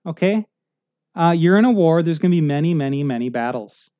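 A man's voice: a little high, fairly quick, dark tone, dull audio. A middle-aged male pastor preaching a sermon in a conversational, earnest way, often checking in with the congregation.

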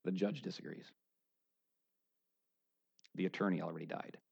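A man preaching a sermon, going from low, quiet talk up to loud, shouted high points. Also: steady tone, normal speed, vocal fry, husky, lo-fi sound. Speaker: pastor.

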